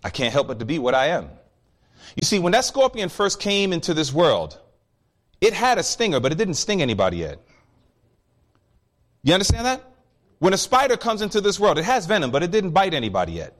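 Man, preacher, sermon, emphatic, storytelling, lively pitch. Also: brisk, pauses often.

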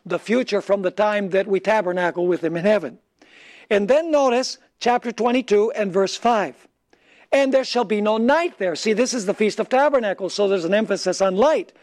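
Man, high voice, sermon, asks and answers questions, slow deliberate scripture reading. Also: a little mellow. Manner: reads scripture slowly and deliberately. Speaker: preacher.

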